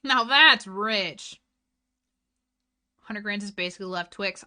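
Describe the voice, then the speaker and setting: A woman streamer in casual chat, ranting with heat and swearing, swinging between loud outbursts and low mutters. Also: takes it slowly, clear, resonant tone. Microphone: desk mic.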